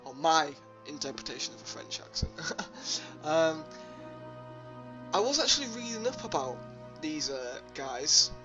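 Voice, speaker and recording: A man's voice: on the high side, very animated, measured pace, dull audio. A young man casually commenting on his gameplay, rambling with lots of ums and uhs. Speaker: let's play host. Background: game music.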